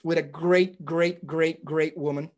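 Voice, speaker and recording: This man, a Puerto Rican podcast co-host, speaks in a slightly slow voice that sits on the high side. He chats casually and tells animated stories packed with swearing.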